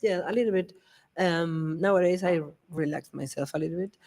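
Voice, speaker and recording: A woman with a Latin American Spanish accent, a guest on a live podcast, speaking English in a reflective, measured way. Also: on the low side, darkish tone, poor audio.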